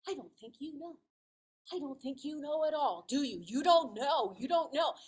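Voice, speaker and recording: A man's voice: sits high, lively intonation, brisk, a little mellow. A woman voicing her young son, a shrewd, relentless boy who keeps taunting her with questions.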